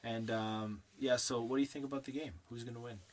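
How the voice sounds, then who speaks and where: A man's voice: medium pitch, steady tone, brisk, a crowd in the background. A man co-hosting a casual sports podcast, teasing his friends and laughing often. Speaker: podcast co-host. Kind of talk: casual chat.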